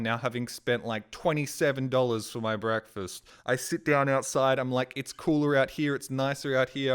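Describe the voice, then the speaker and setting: A man's voice: medium pitch, clear, resonant tone. Swearing, ranting man. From Australia. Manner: swears often, ranting, exasperated. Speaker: streamer. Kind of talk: casual storytelling rant.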